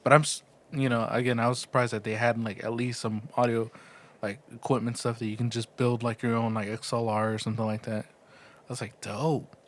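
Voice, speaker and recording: A man's voice: mid-range voice, flat delivery, a little fast. Chill guy chatting on a podcast, says like a lot, swears easy, mid voice. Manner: laid-back, swears casually, lots of "like". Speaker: podcast co-host. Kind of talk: casual chat.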